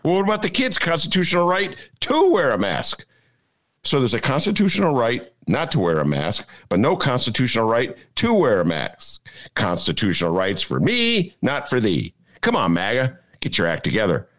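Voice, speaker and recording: A man hosting his own podcast from home, delivering sarcastic political commentary in a lively, animated way. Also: mid-range voice, normal speed. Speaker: podcast host. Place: home apartment.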